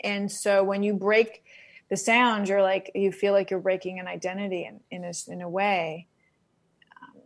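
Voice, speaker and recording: A woman's voice: mid-range voice, level tone, normal speed. A woman from Queens, an actress, chatting casually as an interview guest, talking loosely with many likes and restarts. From Queens, New York.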